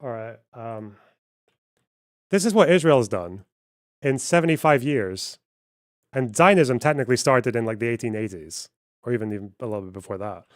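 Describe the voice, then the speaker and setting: A man's voice: medium pitch, expressive, moderate pace, long pauses, no room sound, studio quality. Argumentative Scottish man with an Aberdeen accent. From Scotland. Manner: argumentative, rhetorical questions. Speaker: streamer host. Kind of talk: casual livestream talk.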